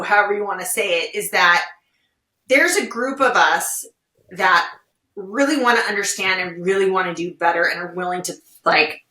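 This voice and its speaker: A woman guest on an interview podcast, talking casually and telling stories expressively. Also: mid-range voice. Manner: expressive storyteller, animated retellings. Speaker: podcast guest, legal well-being director. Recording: roomy, distant-mic sound.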